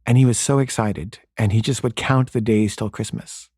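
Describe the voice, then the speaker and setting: A man's voice: mid-range voice, steady tone, normal speed, a little mellow, slightly rough, no room sound, clean studio sound. A man telling a personal story in a casual, conversational way, full of fillers. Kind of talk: personal story told to an audience.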